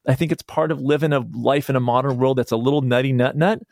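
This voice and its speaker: A man talking as a guest author in a casual podcast conversation, telling stories with lively restarts. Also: medium pitch, fast talker, no echo, studio quality. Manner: animated storyteller, rambling restarts.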